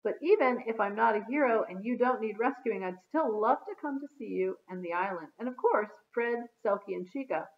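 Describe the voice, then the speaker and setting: A timid woman writer frets and groans her way through her worries, as a woman reads her part aloud. The voice sits a little high and the sound is dull and lo-fi, like a home recording of a storybook. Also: lively intonation, a little fast, hardly any pauses. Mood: fretful. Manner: fretful, groaning complaints.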